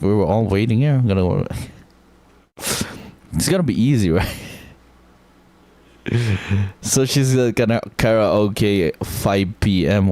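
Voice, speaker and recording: A male streamer with a low voice who talks at an unhurried pace. He chats casually while thinking out loud, swears freely and leans on "like" between thoughts. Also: no echo. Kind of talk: casual live-stream chat.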